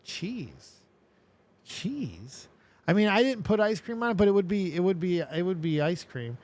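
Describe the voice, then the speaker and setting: A man hosting a casual show, talking in a rambling, profane, excitable way. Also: sits high, fast talker. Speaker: host. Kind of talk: casual chat.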